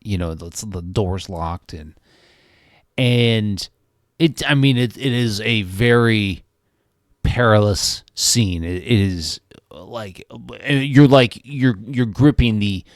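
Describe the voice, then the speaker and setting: A man's voice: on the low side, slow pace, no echo, clean studio sound. Profane, rambling man reviewing a movie. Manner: rambling, profane, animated storytelling with many restarts. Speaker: podcast co-host. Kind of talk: casual movie review chat.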